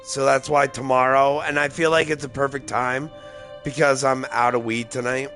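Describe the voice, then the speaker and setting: Over soft background music, a man gives casual gameplay commentary in a medium-pitched, fairly bright voice with flat delivery at a moderate pace. The gaming streamer rambles profanely and seems tipsy, his words slightly slurred.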